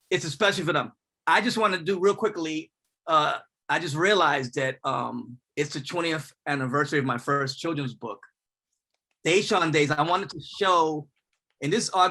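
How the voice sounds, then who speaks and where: A man author speaks on a video panel. His voice sits a bit higher than most men's. He talks earnestly and casually, often pausing on fillers. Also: pushed and bright. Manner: earnest, conversational, with frequent fillers. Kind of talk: panel discussion.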